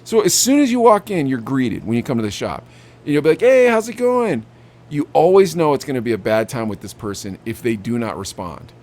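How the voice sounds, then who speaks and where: A young man co-hosting a podcast, telling animated stories about customers at his vape shop and acting out what they said. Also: medium pitch, a little fast. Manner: animated storytelling, acts out customers. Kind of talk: casual chat.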